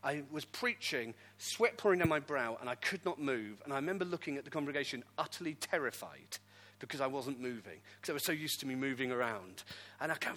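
A middle-aged man, a pastor, telling his story in a sermon with lively, self-deprecating humor. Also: medium pitch, a little fast, few pauses. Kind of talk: testimony sermon.

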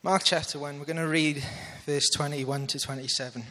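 Male preacher, earnest and bright, slightly high voice, hall reverb. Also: fairly even intonation, normal speed. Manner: earnest, asks audience to follow along. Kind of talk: sermon.

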